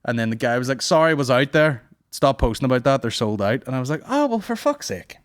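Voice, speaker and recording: A man's voice: mid-range voice, fast talker, clean tone, no room sound, clean studio sound. A young man hosting a comedy podcast, rambling and swearing in a casual monologue. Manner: rambling, profane, puts on silly voices.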